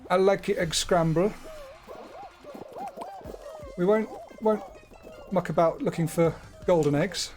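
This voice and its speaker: A man's voice: high-pitched, a little mellow. Chatty man commentating gameplay. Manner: chatty, playful, wordy asides. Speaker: gaming streamer.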